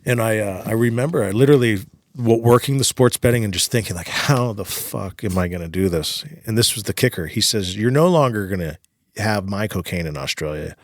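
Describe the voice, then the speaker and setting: Recorded dry with clean studio sound, this American podcast guest talks a little fast in a lowish voice. He gives a profane, animated retelling of his story, packed with quoted dialogue as he voices the people involved.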